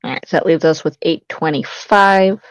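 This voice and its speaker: A woman playing in a tabletop game, chatting with quick, upbeat reactions. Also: low-pitched, no echo, lo-fi sound. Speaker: player.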